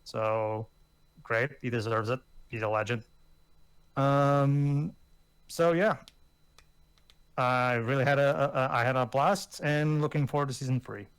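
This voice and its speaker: A man's voice: mid-range voice, a little slow, long pauses, smooth, dry recording. Dry-voiced man in his thirties rambling casually. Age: 30s. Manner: rambling, many fillers and restarts. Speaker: podcast co-host. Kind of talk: casual review commentary.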